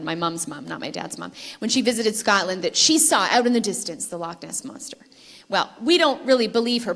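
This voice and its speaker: High-pitched woman presenter, engaging storyteller who quizzes the crowd at a conference. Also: a bit bright. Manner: engaging, asks the audience questions. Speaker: conference speaker. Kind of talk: persuasive talk with storytelling. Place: conference hall with live audience.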